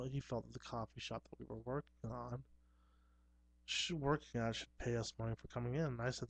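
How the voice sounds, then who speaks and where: A man's voice: medium pitch, no echo. A man, a clown performer, talking through a casual rambling monologue in an earnest, self-assured way, often restarting his sentences.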